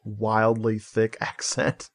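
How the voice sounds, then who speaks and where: A man on a podcast casually recapping a movie plot, animated and joking, with swearing and laughing asides. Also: on the low side, takes it slowly. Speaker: podcast co-host.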